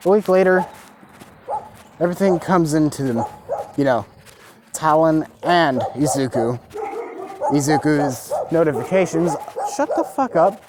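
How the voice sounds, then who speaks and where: With dogs barking in the background, a man with a fairly high voice rambles through an improvised fan story. His narration is casual and full of fillers and swearing.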